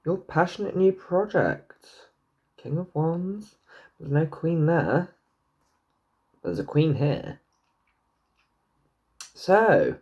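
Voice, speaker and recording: A man's voice: drawn-out words, pauses often, dull audio. A man giving a casual tarot reading to camera, swearing freely and joking with himself. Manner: chatty, swears freely, jokes to himself, talks back to the universe; lively pitch, swoops high into silly put-on voices. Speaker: tarot and numerology reader.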